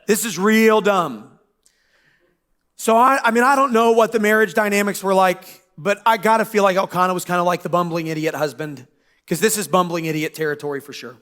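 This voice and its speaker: Casual young male pastor, high-pitched, joking, church sermon. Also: fairly bright tone. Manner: casual, joking preacher with quick asides.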